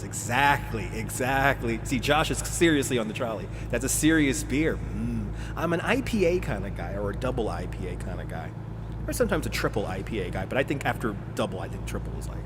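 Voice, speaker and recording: Chatty forty-year-old man with lively pitch. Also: a little fast, background noise. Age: 40s. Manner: chatty, laughs often, reads out and answers chat. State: drinking beer while streaming. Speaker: live streamer. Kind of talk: casual live-stream chat while playing a truck simulator.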